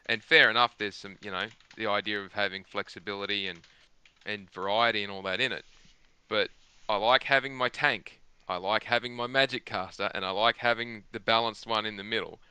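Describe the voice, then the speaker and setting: A man's voice: lowish voice, fairly even intonation, brisk, sharp tone, clear, resonant tone, no room sound. A man talking at length on a gaming podcast, rambling and emphatic, restarting his sentences often. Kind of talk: casual chat.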